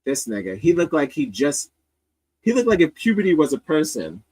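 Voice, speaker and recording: A man's voice: on the high side, sing-song, moderate pace, a little mellow, breathy edge, rough recording. A man hosting a comedy podcast, riffing loosely with laughter and profanity. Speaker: podcast host. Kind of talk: casual comedic commentary.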